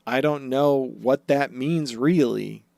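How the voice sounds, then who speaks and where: A man's voice: mid-range voice, vocal fry, darkish tone, no echo. Man recapping an anime with joking asides. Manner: joking, swears freely, acts out characters in quick asides. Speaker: podcast co-host. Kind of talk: casual chat recapping anime episodes.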